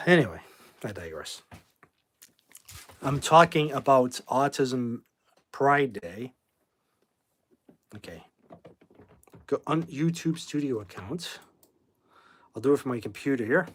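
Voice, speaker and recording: A man's voice: mid-range voice, expressive, slow pace, long pauses, a bit bright, husky. A man hosting a casual livestream from his phone, rambling about music and flaring up angrily at commenters in chat, swearing as he kicks them out. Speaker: livestream host.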